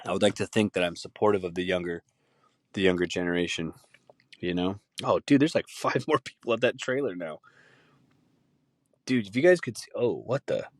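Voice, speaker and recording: A man's voice: sits low, fairly quick, long pauses, no echo. A man hosting a podcast, rambling in a casual solo rant full of swearing and laughter. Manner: rambling, profane, laughing often. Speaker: podcast host.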